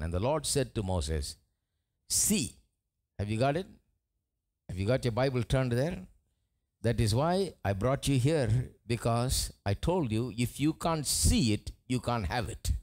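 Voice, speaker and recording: A man's voice: medium pitch, unhurried. A pastor from India preaching a live church sermon, acting out the Bible figures' lines as he tells the story. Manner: animated preaching, acts out dialogue of Bible figures. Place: church service, live recording.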